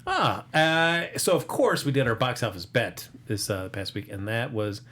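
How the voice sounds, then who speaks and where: In a bright, pushed voice of medium pitch, a male host runs through box office numbers at a moderate pace, his intonation lively. The chat is casual and rambling, packed with filler and jokes.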